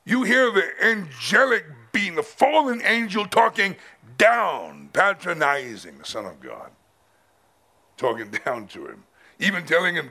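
A male pastor preaching a sermon at a men's conference, dramatic and emphatic, with drawn-out pauses. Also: high voice, sing-song, gravelly, pushed and bright.

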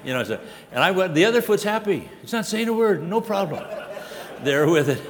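A man's voice: high-pitched, sing-song, brisk, long reverb tail. An older man preaching a sermon in a folksy, rambling way, with many fillers. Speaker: pastor. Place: conference hall.

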